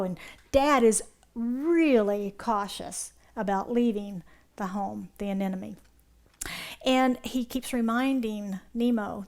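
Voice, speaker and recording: A woman minister preaches a sermon, telling a story in a lively way and often turning to her congregation with a quick question. Her voice sits slightly high. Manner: animated storytelling, checking in with the congregation.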